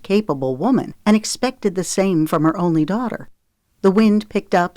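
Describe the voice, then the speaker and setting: A woman reads an audiobook in a steady, even storytelling voice. Her voice is low for a woman and sits in a very dry, close recording with no trace of room. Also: dry recording. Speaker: audiobook narrator. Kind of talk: scripted audiobook narration.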